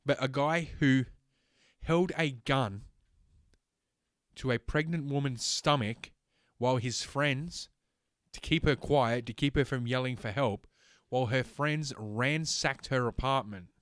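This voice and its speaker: A man hosting a solo stream, full of biting sarcasm and constant swearing. His voice sits at an ordinary male pitch and sounds close and dry, with no room echo. He reads text aloud in bursts, tripping over words and filling gaps with "uh". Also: measured pace, long pauses, fairly bright tone. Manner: reads aloud with stumbles and filler. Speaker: host. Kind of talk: solo livestream rant.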